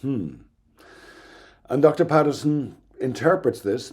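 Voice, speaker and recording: A man's voice: mid-range voice, measured pace, warm tone. A man giving a recorded university lecture in a conversational, wry and emphatic way.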